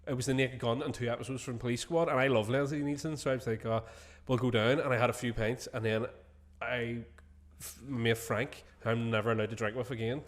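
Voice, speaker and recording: A man's voice: mid-range voice, steady tone, fast talker. Sweary man telling stories. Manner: sweary, laughing storyteller. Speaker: podcast host. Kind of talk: casual chat.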